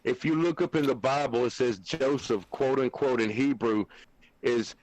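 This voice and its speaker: A man's voice: mid-range voice, normal speed, darkish tone, no room sound, poor audio. A man on a remote call who shares motivational sayings in an earnest, preachy way, often stumbling over his words. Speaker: guest. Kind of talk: motivational talk.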